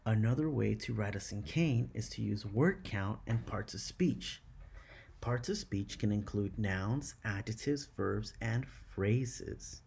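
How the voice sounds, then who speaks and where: A man narrates a classroom lesson at an unhurried pace, spelling each step out carefully for his students. His voice has a gravelly, husky edge to it. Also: fairly low pitch, darkish tone. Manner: slow, careful explaining to students. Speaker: teacher.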